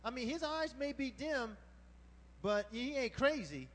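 A man preaches from the pulpit with a strikingly high voice. He talks loosely and animatedly and breaks into exclamations. His words ring out with a long reverb through the church hall. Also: expressive, measured pace, fairly bright tone. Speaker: pastor. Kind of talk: sermon.

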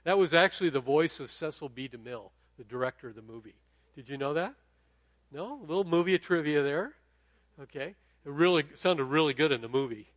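A man's voice: on the high side, animated, fairly quick, no echo. A middle-aged man preaching a sermon in a conversational way, often checking in with the audience. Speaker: pastor.

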